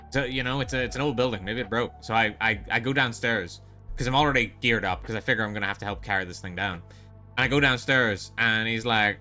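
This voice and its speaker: A man's voice: mid-range voice, quick pace, bright, forceful tone, faint music behind. A man from the Netherlands streaming, telling a story in a profane, exasperated casual rant. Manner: profane, exasperated, lots of restarts.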